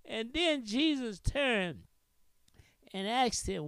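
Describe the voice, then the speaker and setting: A man pastor preaches in an unhurried, sing-song cadence. He drops in amens constantly and punctuates phrases with a rhythmic "huh". His voice is smooth and resonant, and it sounds close and dry. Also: very high-pitched, lively intonation, fairly bright tone, no room sound. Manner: frequent interjected amens and hallelujahs. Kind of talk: sermon.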